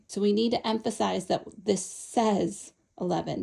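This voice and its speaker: A woman's voice: mid-range voice, normal speed, vocal fry, hardly any pauses, mellow, slightly rough. A woman explaining a Montessori lesson step by step in a patient, instructional way. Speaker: Montessori teacher. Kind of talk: instructional demonstration.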